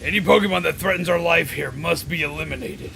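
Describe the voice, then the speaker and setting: A man streaming a video game, talking casually and breaking into animated, profane shouted rants. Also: a little high, quick pace, creaky, a little hiss or hum. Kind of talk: casual live-stream commentary.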